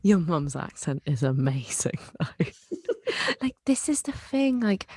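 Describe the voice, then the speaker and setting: Tipsy, low-voiced woman co-host. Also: sing-song, unhurried, mellow, slightly rough, no echo. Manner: enthusiastic, giggly. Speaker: podcast co-host. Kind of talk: casual chat.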